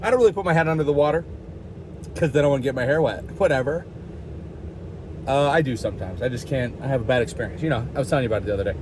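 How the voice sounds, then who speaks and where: A man's voice: medium pitch, very fast, noisy background. A man vlogging in a rambling, jokey, self-mocking way, with lots of fillers and over-the-top asides. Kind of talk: casual rambling vlog.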